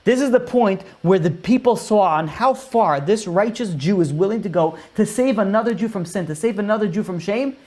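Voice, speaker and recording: A man, a rabbi giving a Torah lecture and telling a story with lively acted-out dialogue. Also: sits high, normal speed, few pauses. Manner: animated storyteller acting out dialogue.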